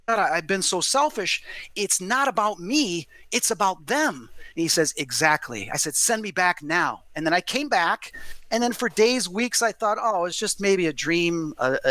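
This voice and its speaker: A man's voice: high voice, no room sound. A man as a podcast guest, telling a story in conversation and acting out the dialogue. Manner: animated, acts out quoted dialogue.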